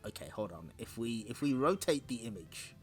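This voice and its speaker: Male streamer reading comics, giggly chatty asides, lively pitch. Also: normal speed, soft background music. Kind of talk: comic read-along.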